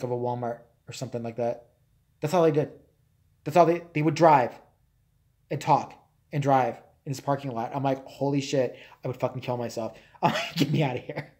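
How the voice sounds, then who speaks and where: A slightly mellow, medium-pitched voice belongs to a Chicago live-show host chatting casually on a stream. He rambles through stories, laughs often, and swears a lot.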